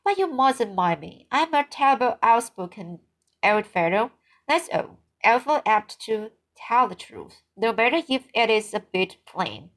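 A woman's voice: on the high side, very animated, a bit bright, poor audio. Woman reading as a blunt old farmer. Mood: gruff. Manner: blunt, brisk, plain-spoken. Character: outspoken, hasty older male farmer.

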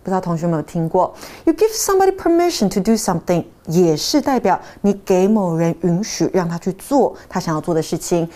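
A woman's voice: on the low side, sing-song, quick pace, few pauses, mellow. A woman, a native Mandarin speaker, co-teaching an English lesson, switching between Chinese and English to translate words. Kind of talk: bilingual lesson chat.

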